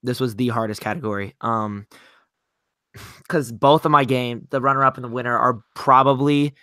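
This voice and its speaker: A man's voice: mid-range voice, fairly even intonation, normal speed, pushed and bright, smooth, dry recording. Earnest, hesitant man, dry sound. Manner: hesitant, many fillers and restarts, earnest. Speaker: podcast co-host. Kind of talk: casual chat about video games.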